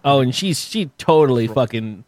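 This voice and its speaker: A man's voice: medium pitch, lively intonation, moderate pace, no room sound. A man on a casual podcast panel, crude and joking, swearing often.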